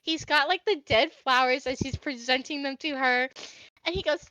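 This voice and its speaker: A woman's voice: high voice, normal speed, bright, forceful tone, no echo, low-quality recording. A young woman narrating a tabletop game as game master, chatty with many fillers.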